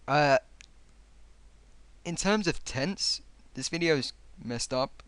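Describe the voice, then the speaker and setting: A man's voice: mid-range voice, big pitch swings, a little slow, long pauses, a bit bright, no room sound. A man reading out online comments and mocking them, sarcastic and exasperated.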